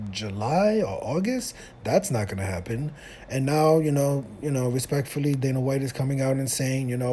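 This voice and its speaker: A man of middle pitch talks loosely on his own, circling back and restarting his sentences as he goes. A faint noise sits under the recording. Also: warm tone. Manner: rambling, many fillers and restarts. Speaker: YouTube commentator. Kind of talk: casual solo commentary.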